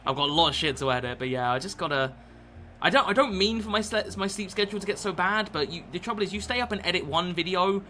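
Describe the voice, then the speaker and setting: Bright-voiced young British man streaming. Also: high voice, quick pace, a little hiss or hum. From Britain. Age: 20s. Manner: rambling, swears a lot, laid-back chatter. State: up late at night. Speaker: gaming streamer. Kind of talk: casual live-stream chat with game commentary.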